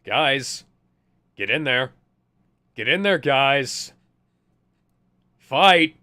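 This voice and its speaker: Sarcastic man with a lively voice. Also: medium pitch, very slow. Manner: sarcastic, exasperated, swears freely. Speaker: movie commentary co-host. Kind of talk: casual riffing movie commentary.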